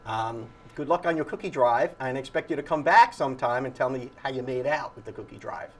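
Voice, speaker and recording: A man's voice: medium pitch, a little fast. Chatty male morning TV host. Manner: chatty, repeats guests' words back. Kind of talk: casual TV interview.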